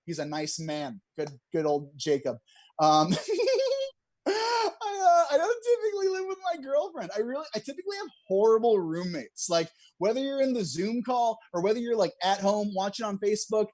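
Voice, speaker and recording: A young man does stand-up from home over a video call streamed online, making self-deprecating jokes and cracking up at his own lines. He sounds very animated, high-voiced and darkish in tone, at a normal speed, with no room sound.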